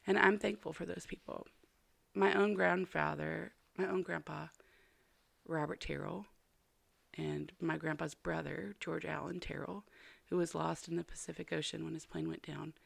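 A woman's voice: low voice, fairly even intonation, moderate pace, creaky, a bit bright, slightly rough, dry recording. A woman hosting a podcast, talking to listeners in a chatty, apologetic and heartfelt way. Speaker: podcast host. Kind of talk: casual podcast intro.

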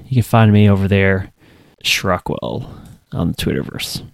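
A man co-hosting a podcast, relaxed and joking in loose casual chat. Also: low-pitched, a little slow, vocal fry, no room sound, studio quality. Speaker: podcast co-host.

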